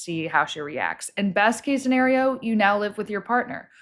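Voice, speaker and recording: A woman's voice: medium pitch, normal speed, a bit bright. Podcast co-host: a woman with a New Jersey accent, playful and joking. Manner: joking, laughs often. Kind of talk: casual chat, reading listener questions.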